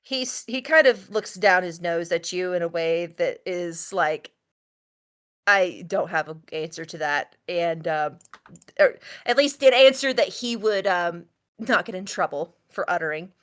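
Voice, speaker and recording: A woman with a fairly low voice leads a tabletop game as game master. She rambles through her narration with plenty of fillers and laughs along the way. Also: expressive, unhurried, clear, resonant tone.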